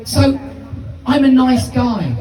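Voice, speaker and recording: A UK stand-up comedian in his 50s performs live in a small comedy venue with an audience, telling rambling, profane stories in a high, warm, animated voice at normal speed. The recording is distant and echoey, capturing the live room.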